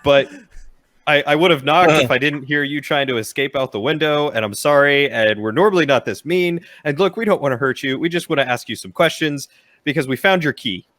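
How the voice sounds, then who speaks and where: A man speaking as his character at a tabletop game, calm and firm. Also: fairly high pitch, a little fast, dry recording. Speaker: player.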